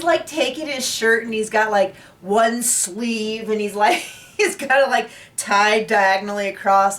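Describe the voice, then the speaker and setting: A woman chats through a reality show recap in a loose, giggly way, trailing off and restarting her sentences. Her voice sits at a middling pitch for a woman. She sounds a little distant from the microphone. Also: a bit bright. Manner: chatty, giggly, many fillers and restarts. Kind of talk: casual TV recap chat.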